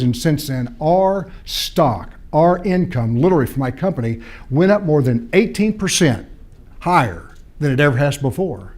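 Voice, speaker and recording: A man's voice: mid-range voice, a little mellow. A man speaking to an audience at a seminar, telling a story and acting out both sides of a conversation, often repeating and restarting phrases.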